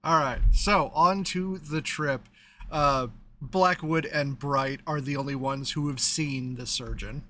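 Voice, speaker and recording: Male game master, unhurried, bright voice, laid-back. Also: a little high, steady tone, a little hiss or hum. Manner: laid-back, laughs often. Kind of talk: running a tabletop game.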